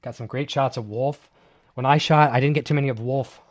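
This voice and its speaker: A man hosting a live online show, chatting casually and excitedly while unboxing, with many fillers and restarts. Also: mid-range voice, a little fast, no echo. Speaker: host of a live gear show.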